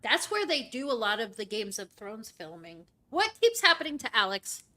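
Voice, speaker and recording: A woman's voice: fairly high pitch, big pitch swings, moderate pace, sharp tone, a little hiss or hum. A woman hosting a casual stream chat, talking in a rambling way with lots of "like" and "um". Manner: chatty, rambling, heavy use of "like" and "um". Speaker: streamer host.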